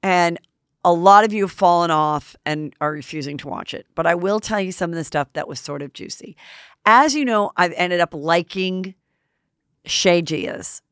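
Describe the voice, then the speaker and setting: Female host with a low voice; casual, filler-heavy gossip, blunt and profane. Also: moderate pace, a bit bright, clean tone, no room sound, studio quality. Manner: chatty, filler-heavy, blunt, swears freely.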